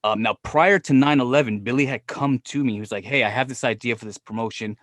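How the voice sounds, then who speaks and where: A man's voice: medium pitch, fast talker, dry recording, clean studio sound. A man telling wrestling stories in casual, profane podcast chat, often acting out what people said. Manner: profane, animated, quotes himself and others. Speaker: podcast guest. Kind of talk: casual storytelling.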